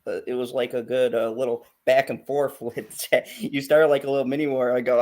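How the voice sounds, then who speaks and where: A man's voice: medium pitch, flat delivery, brisk, a little mellow. A man hosting a casual late-night podcast chat, laid-back and laughing often. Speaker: podcast host.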